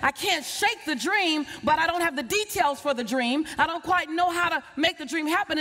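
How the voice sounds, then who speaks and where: A woman's voice: high-pitched, a bit bright. A woman giving a motivational speech to a live audience, telling a story with passion and repeating key phrases for emphasis. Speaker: motivational speaker. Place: stage before a live audience. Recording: long reverb of a large hall.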